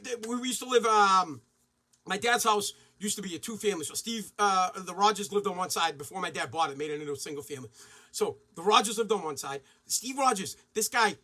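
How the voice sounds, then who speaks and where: High bright-voiced ranting man. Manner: heated, swearing, loud bursts of indignation. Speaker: podcast host. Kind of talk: profane ranting monologue.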